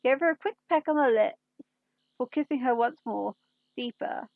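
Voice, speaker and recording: A woman reading a fan story aloud in an unhurried storytelling manner, with occasional slips. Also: high voice, vocal fry, no echo, phone-quality sound. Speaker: fanfiction reader.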